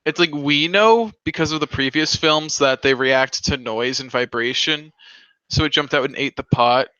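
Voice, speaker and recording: A man chats through a movie with a friend, opinionated and full of ums and likes. His voice is bright and forward, and it sits close and dry in a small room. The home mic makes it sound dull and lo-fi. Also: on the high side, normal speed, clean tone, dry recording. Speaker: host. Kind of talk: casual movie-watch commentary.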